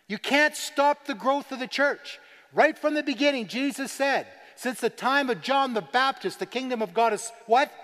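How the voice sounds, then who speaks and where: A high-voiced Canadian man preaches in a large church, his words trailing off into a long hall reverb. He tells stories earnestly, then rises to emphatic declarations. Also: fairly bright tone. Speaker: guest speaker on persecuted church. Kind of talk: sermon.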